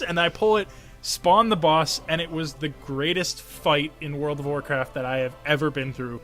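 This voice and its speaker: Brief: young male podcast co-host, slightly high voice, lively storyteller who acts out quotes, faint music bed. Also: a little fast. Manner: animated storyteller, acts out quotes with a raised voice, laughs often. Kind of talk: casual gaming podcast chat.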